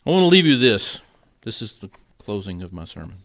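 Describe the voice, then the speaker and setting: A man's voice: fairly low pitch, sing-song, a little fast, a bit bright. A male pastor preaching an earnest, conversational sermon in a church, with moments of emotion. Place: church sanctuary.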